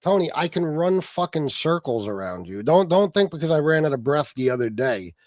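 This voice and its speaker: Profane, mocking man, lively pitch. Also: brisk, dry recording, studio quality. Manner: profane, mocking, shouting at times. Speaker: livestream host. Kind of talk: heated livestream argument.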